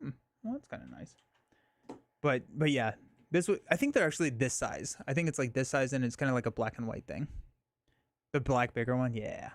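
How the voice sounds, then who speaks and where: A man's voice: medium pitch, very animated, brisk, pauses often. A man hosting a live stream, chatting casually and thinking aloud, with frequent fillers and restarts.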